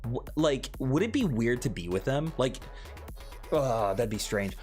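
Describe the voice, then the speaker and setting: A young man hosting a casual live stream, chatting with viewers and answering their comments, often jumping into high excited squeals. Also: unhurried, soft background music. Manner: animated, jumps into high excited squeals and laughs.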